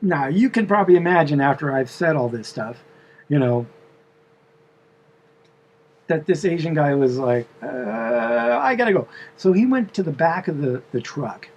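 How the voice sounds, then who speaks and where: A man's voice: on the high side, lively intonation, moderate pace, long pauses, a little mellow, dull audio. A man telling the story of a dream in a casual, meandering way, full of fillers and asides.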